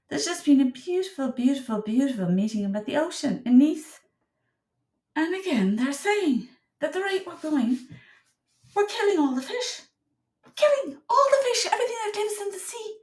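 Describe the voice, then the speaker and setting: A woman talking casually on her own, rambling and emotional, her voice swinging from high outbursts to low murmured prayer. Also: darkish tone. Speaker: vlogger. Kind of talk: casual monologue to camera. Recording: echoey room.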